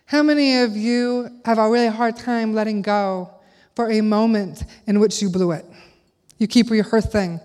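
A woman's voice: mid-range voice, a little mellow. A woman telling a candid family story in a sermon, acting out her own lines as she preaches to a church. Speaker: speaker at a church service. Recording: long hall reverb.

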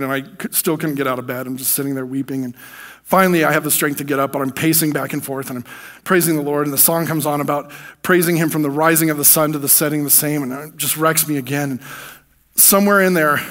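A man's voice: fairly high pitch, fairly bright tone. An American man preaching from the pulpit, telling a personal testimony in an earnest, emotional way.

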